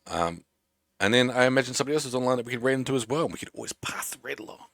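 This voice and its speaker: A man's voice: medium pitch, lively intonation, racing, gravelly, fairly bright tone. A man from New Zealand with a Kiwi accent, chatting playfully as a game streamer on a live stream. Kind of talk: casual live-stream chat.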